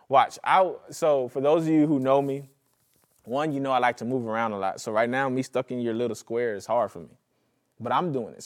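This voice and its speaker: Pastor, male, lively conversational sermon delivery with jokes and call-outs to the congregation. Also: medium pitch. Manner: animated, conversational preaching with jokes and audience prompts.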